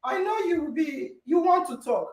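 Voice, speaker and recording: Female podcast host, very high and lively voice, insistent and argumentative, distant mic with a roomy echo. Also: moderate pace. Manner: emphatic, argumentative, repeats phrases for stress. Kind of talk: heated debate moderation. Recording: echoey room, distant mic.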